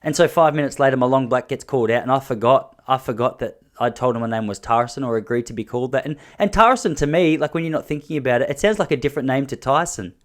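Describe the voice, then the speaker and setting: An Australian man in his thirties hosts a podcast and tells comic stories as a monologue. His voice sits in a mid range, and he rambles and restarts as he goes. His pitch and loudness jump suddenly between stretches of plain talk. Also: fast, few pauses. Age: 30s. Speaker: podcast host. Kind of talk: comedic storytelling monologue.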